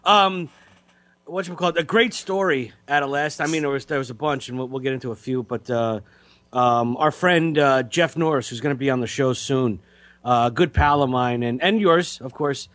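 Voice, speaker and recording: A man hosting a talk show, telling a story in casual chat, halting with repeated words and fillers. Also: medium pitch, fairly bright tone, no echo. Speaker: radio show host.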